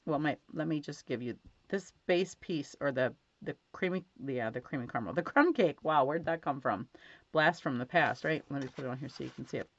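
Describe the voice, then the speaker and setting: Speaking a little fast in a low voice with no echo, a woman teaches card stamping at her home craft desk. She's chatty, uses plenty of fillers, and gushes over how her cards turn out, on a dull lo-fi home recording.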